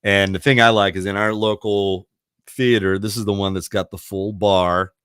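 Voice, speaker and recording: This fifty-something radio host's low-leaning voice moves little in pitch and keeps a normal speed, bright and clean with no echo in clean studio sound. He chats casually, telling meandering stories with easy laughs at his own expense.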